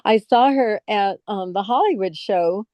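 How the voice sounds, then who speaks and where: A woman's voice: mid-range voice, measured pace, no room sound. An older woman from California, a guest actress chatting in an interview, who tells stories and laughs often. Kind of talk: casual interview chat. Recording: dull, dry lo-fi sound.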